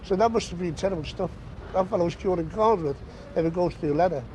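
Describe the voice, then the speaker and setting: A man tells a funny story in a lively way and puts on the voices of the people in it. His voice sits high, and a faint hum of the street runs behind him. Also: fast talker. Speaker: interviewee. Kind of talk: anecdote telling.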